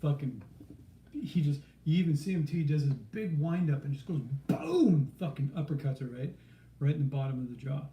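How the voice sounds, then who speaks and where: A man on a live stream telling a lively story, swearing freely and acting out the people in it. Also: on the high side, fairly quick. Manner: animated anecdote teller, profane, acts out quoted voices. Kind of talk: casual storytelling. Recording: roomy, faint background noise.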